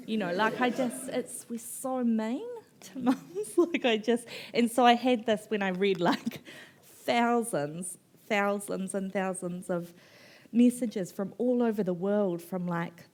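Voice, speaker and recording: A woman, an author telling a personal story in an on-stage conversation, candid and animated, swearing freely and acting out what people said. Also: medium pitch, measured pace. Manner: candid, animated, swears, laughs often, acts out quotes. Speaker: author guest at a book festival.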